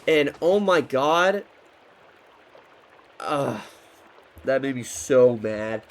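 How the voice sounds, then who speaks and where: His mid-range voice has lively intonation and drawn-out words as this twenty-something man plays a game and rants casually. He's frustrated, swears often, and tells the story loosely with frequent restarts.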